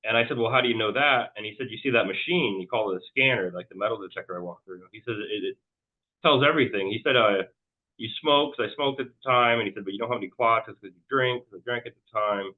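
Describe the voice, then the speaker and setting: A man's voice: fairly low pitch, fast. A man recounting a story in a loose, rambling way, stumbling over his words and restarting sentences as he goes. His voice comes through a thin, tinny line that sounds like a phone call. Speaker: guest. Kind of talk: casual storytelling interview.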